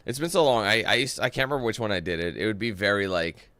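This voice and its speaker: A man's voice: lowish voice, animated, fast, bright, forceful tone, dry recording. A man giving casual let's-play commentary, rambling and swearing with jokey asides. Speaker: gaming commentator.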